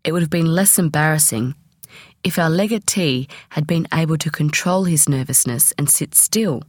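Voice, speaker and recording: Low-voiced woman reading an audiobook. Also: no echo, studio quality. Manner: measured, expressive reading. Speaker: audiobook reader. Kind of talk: audiobook narration.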